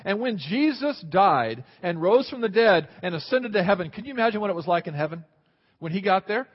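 Male pastor, high voice, animated sermon, dull sound in a long-echo church hall. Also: fairly quick, breathy edge. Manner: animated, swings between quiet asides and loud exclaims.

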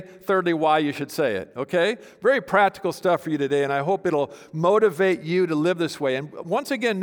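A man preaching an expository sermon, emphatic and teacherly, asking the congregation questions. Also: high voice. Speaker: pastor. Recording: long hall reverb.

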